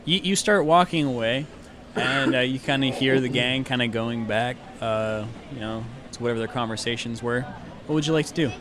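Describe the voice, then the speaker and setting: A man's voice: medium pitch, moderate pace, background noise. A man narrating a tabletop game as game master, casual and rambling with many fillers.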